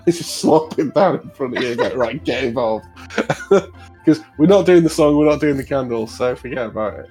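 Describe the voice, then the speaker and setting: A man's voice: fairly high pitch, normal speed, mellow, faint music behind. A man narrating a tabletop game as game master, casual, laughing often and swearing freely.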